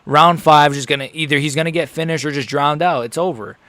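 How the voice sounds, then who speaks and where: A young man streaming a live fight reaction, excitable, swearing and repeating himself as he swings from groaning despair to shouting. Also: on the high side, fast talker, no room sound.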